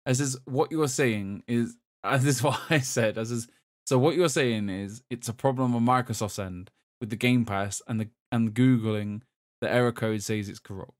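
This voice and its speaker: A man from England on a gaming podcast, telling a long story in a casual, animated way and laughing as he goes. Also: medium pitch, moderate pace, no echo, clean studio sound. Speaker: podcast host. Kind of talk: casual chat.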